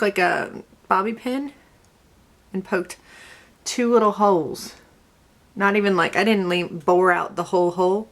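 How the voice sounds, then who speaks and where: A woman vlogging her makeup routine in casual, wry chat, full of filler likes and self-corrections. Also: on the low side. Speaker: beauty vlogger. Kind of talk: casual get-ready-with-me chat.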